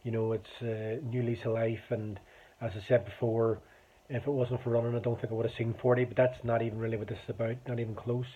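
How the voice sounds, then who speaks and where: A man's voice: mid-range voice, flat delivery, quick pace. A man in his forties with a Northern Irish accent, telling a personal story in a rambling, casual way and swearing freely. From Northern Ireland. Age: 40s. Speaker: vlogger. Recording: tinny phone-like audio.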